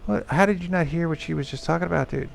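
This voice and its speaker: Gravelly man yelling at a movie. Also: on the high side, quick pace, slight background noise. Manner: profane, excitable, talks back at the screen. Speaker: reaction video host. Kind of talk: casual movie reaction commentary. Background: film soundtrack music.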